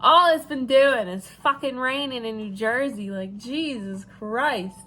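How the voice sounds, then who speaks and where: A woman's voice: fairly high pitch, unhurried, bright, forceful tone. A woman with a stuffy, nasal voice from allergies, telling stories in a casual vlog, laughing often and swearing. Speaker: vlogger.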